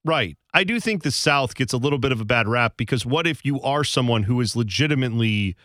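A man hosting a sports radio show, joking with his co-host. His voice sounds bright and expressive, and the studio is dry and close. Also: medium pitch, brisk, dry recording. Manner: joking, slips into mock accents. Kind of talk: casual sports radio banter. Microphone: studio microphone.

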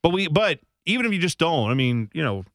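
A man's voice: fairly high pitch, big pitch swings, fairly bright tone, no echo. A man co-hosting a radio show in a studio, joking and bantering loosely. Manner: joking, loose, drawn-out pauses. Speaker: radio co-host.

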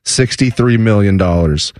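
A man with a fairly low voice fills in on a sports talk radio show, talking it through in a relaxed, conversational way. He thinks aloud, backs up and restarts, and adds small asides. The studio mic sounds close and dry. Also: normal speed, no echo. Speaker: fill-in radio co-host.

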